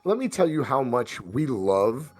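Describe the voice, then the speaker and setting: Husky man recapping as game master. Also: mid-range voice, very animated, measured pace, a little mellow, faint music behind. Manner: rambling recap with many fillers and restarts. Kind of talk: recapping a tabletop game session.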